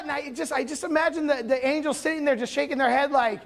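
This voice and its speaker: Lively conversational male pastor. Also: very high voice, fast talker, vocal fry, few pauses. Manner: lively conversational storytelling, sudden loud bursts. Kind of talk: sermon.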